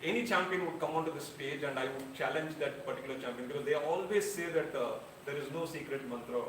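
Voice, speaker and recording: A man's voice: a little high, quick pace, a bit bright, a little hiss or hum. Earnest man speaking in an echoey room. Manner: earnest and frank, with light self-deprecating humor. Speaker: speech evaluator at a speaking club. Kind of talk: public speech at a club meeting. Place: air-conditioned meeting room. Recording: roomy, distant, with faint room ambience.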